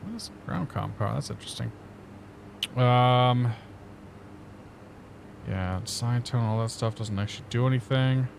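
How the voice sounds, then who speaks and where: A man in casual live-stream chat, talking his way through a flight simulator cockpit. His voice sits at an ordinary middle pitch with a faint hiss of noise behind it, and he jokes at his own expense as he goes. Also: unhurried, vocal fry, long pauses. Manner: chatty, laughing, self-joking.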